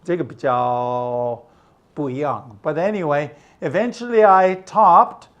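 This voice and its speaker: A man's voice: on the high side, measured pace, muffled recording. An older man teaching an English lesson, patiently explaining words and checking understanding.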